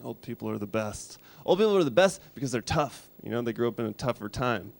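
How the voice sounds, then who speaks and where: Rambling deadpan comedian guy. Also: mid-range voice, quick pace, gravelly. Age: 30s. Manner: deadpan, rambling, shouts voices for bits. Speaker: stand-up comedian. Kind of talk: stand-up comedy set.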